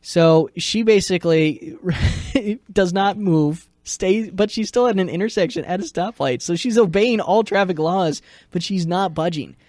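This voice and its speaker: A man's voice: high voice, no room sound, clean studio sound. A man, the station's news director, trading jokes and retelling odd stories in a casual radio chat. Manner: jokey, animated, quick joking asides. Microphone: studio microphone.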